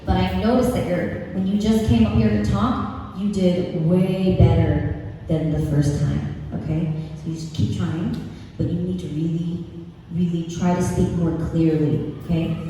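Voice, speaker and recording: A woman's voice: on the low side, fairly even intonation, unhurried, dark tone, slight background noise. A woman coaching students on public speaking, giving direct feedback and checking "okay?" after each point. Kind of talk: classroom feedback. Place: large room with students. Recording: echoey hall from far off.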